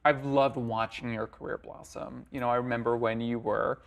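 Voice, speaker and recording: Man, arts show host, gravelly, enthusiastic, admiring questions. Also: mid-range voice, little pitch movement, normal speed. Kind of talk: friendly interview questions.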